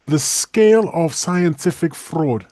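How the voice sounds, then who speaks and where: A man co-hosting a casual podcast discussion, chatty and animated, laughing often and restarting his sentences. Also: a little high, slow pace, dry recording, clean studio sound. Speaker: co-host.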